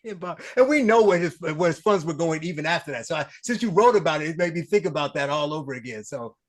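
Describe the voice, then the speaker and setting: A man hosting a podcast, animated and joking as he questions his guest. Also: fairly high pitch. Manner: animated, joking, quick to laugh. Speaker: podcast host. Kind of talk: casual interview conversation.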